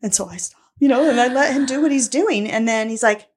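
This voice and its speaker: A woman's voice: a little high, brisk, hardly any pauses, slightly rough. A woman candidly telling a personal story in conversation, acting out what was said to her. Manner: animated retelling, acts out quoted lines.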